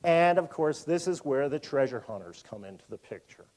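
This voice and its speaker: A man in his fifties giving a public lecture in a museum auditorium, animated and full of joking asides. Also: on the high side, normal speed. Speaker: university lecturer.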